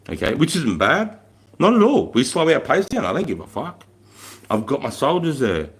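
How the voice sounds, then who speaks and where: A man's voice: mid-range voice, huge pitch swings, moderate pace. An Australian man, a former army corporal, telling a story in a blunt, heavily profane, emphatic way. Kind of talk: casual storytelling.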